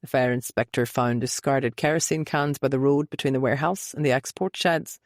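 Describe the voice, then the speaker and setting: A woman voicing a reserved young man who speaks quietly and carefully. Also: low voice, no room sound, studio quality, pitched below the performer's own voice. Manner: quiet and measured.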